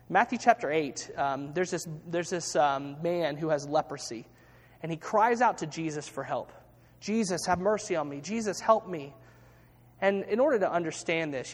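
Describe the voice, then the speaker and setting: A man preaching a sermon as pastor, earnest and conversational, with frequent fillers and restarts. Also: a little high. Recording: hall reverb.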